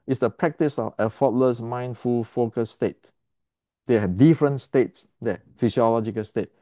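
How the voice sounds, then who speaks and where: Man teaching martial arts, blunt and emphatic, repeats himself, clears his throat, warm dark tone, dry close sound. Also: medium pitch, normal speed, no room sound. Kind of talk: explanatory lesson to camera.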